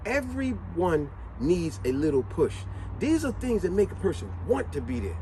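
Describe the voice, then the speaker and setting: Animated, high-voiced storytelling man. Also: moderate pace, slight background noise, rough recording. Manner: animated, slangy retelling with lots of rhetorical questions. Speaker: motivational vlogger. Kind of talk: casual motivational storytelling.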